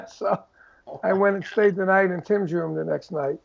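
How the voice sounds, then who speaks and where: An older male musician, a guest telling stories in a casual interview over a video call, animated and acting out quoted voices. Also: sits high, unhurried, gravelly. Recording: dull lo-fi call audio.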